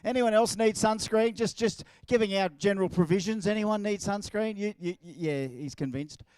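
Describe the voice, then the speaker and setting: Australian man, event MC, higher voice, playful crowd banter, dry close sound. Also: normal speed, a little mellow, smooth, dry recording. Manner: jokey, playful, teasing. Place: outdoor drag racing track.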